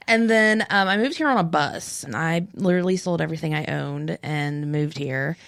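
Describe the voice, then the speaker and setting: A woman's voice: low-pitched, moderate pace, creaky, smooth, no room sound, clean studio sound. A woman in her thirties from West Virginia, with a light Southern drawl on her northern accent, telling stories as an interview guest and acting out what people said. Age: 30s. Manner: animated storyteller, acts out quotes. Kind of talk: casual interview chat.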